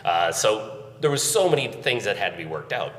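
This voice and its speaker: Deep-voiced man telling a story in a hall. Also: very animated, moderate pace, fairly bright tone, far from the mic. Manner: conversational, recounting with chuckles. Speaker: event organizer. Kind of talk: conference talk storytelling. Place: conference hall. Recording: echoey hall, voice from afar.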